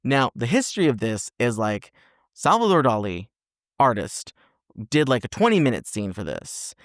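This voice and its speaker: A man in his podcast setup tells a film plot with lively, exaggerated character voices thrown in. His voice sits mid-pitch, and the dry, close recording leaves no room sound around him. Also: normal speed, no room sound. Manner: animated storyteller, acts out characters with exaggerated voices. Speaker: podcast co-host. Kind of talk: casual film review chat.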